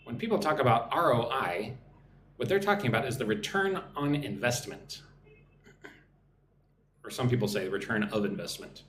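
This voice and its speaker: An American man teaching business English on a live stream, speaking slowly and clearly and often checking in with "right?". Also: mid-range voice, sing-song, a bit bright, reverberant, slight background noise. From United States.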